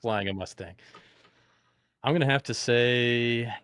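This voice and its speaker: A man guest on a podcast, speaking casually and haltingly with many fillers. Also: medium pitch, a bit bright, clean tone, no echo, studio quality.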